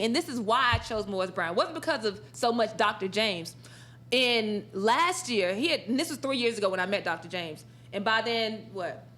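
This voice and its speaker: A woman guest in an interview, telling stories in a casual, animated way, laughing often and acting out what others said. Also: mid-range voice. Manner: animated, laughs often, acts out quoted dialogue. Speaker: esports sportscaster and college instructor, interview guest.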